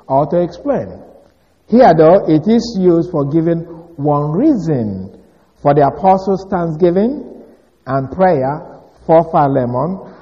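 A man preaching an explanatory Bible lesson in measured, short phrases. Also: on the high side, warm tone. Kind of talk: expository Bible teaching. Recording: dull recording with long hall reverb.

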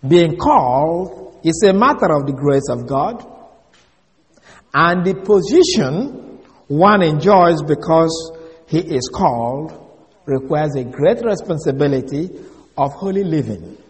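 Male preacher, mid-high voice, methodical expository teaching, big hall reverb. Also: expressive. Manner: deliberate, repeats key words, spells them out. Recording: long reverb of a large hall.

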